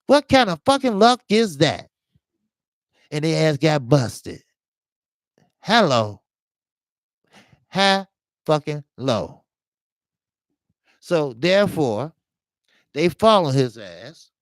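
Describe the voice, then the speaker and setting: A man's voice: fairly high pitch, no room sound. A man hosting a boxing talk show, telling rambling stories full of profanity and scolding fighters. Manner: emphatic, scolding rants. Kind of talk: casual commentary monologue.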